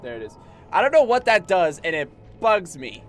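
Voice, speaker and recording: High, lively man yelling at a game. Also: moderate pace. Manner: swears and shouts at the game. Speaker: game streamer. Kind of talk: live gameplay commentary. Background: game music.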